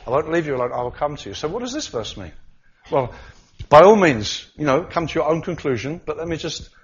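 A man preaching a sermon, swinging from loud cries to quiet asides. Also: a little high, very animated, fairly quick. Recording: slightly dull sound.

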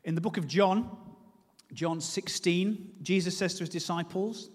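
A man's voice: sits high, measured pace, husky, long reverb tail. A man preaching a sermon, telling a comic personal story and then pleading earnestly with his listeners.

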